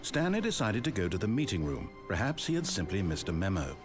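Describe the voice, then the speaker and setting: Brief: wry storybook game narrator, low voice swinging widely in pitch, clear music underneath. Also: male voice, huge pitch swings, brisk. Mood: narrating. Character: dry, all-knowing male narrator of an office worker's tale.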